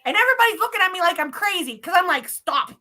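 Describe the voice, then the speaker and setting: A woman guest telling a story in a lively way, laughing often and acting out what people said. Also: very high voice, rapid-fire. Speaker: guest psychic medium. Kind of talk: animated storytelling.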